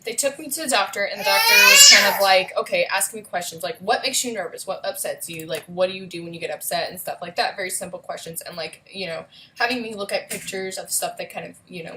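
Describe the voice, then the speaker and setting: A woman's voice: mid-range voice, noisy background. A woman vlogger with a young son, telling a personal story in a casual, rambling way with many fillers and asides. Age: adult with a young son.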